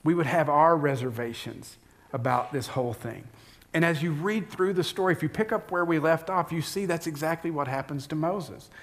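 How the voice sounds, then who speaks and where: A pastor with a higher-pitched voice preaches a sermon at a normal speed. He keeps it conversational, asking the congregation questions.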